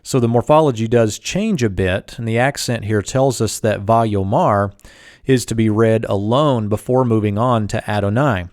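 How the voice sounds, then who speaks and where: A man teaching a Hebrew language lesson in a calm, methodical way, walking through each term step by step. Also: lowish voice, moderate pace, no room sound, studio quality. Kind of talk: screen-share Bible language lesson.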